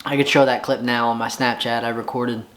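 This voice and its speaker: Male vlogger, middle pitch, exasperated and excitable, rambles about his bike in a home garage. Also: brisk. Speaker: home motorcycle mechanic. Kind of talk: casual vlog.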